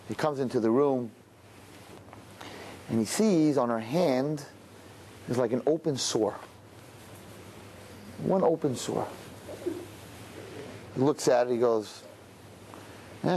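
A man preaching a sermon, telling a story with passion and building up to shouting. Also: mid-range voice, slight background noise.

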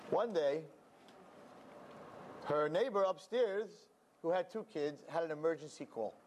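Male storyteller, animated, higher-pitched voice, Yiddish-peppered delivery. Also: a little slow, slight background noise. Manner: animated, sprinkled with Yiddish words. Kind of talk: told story.

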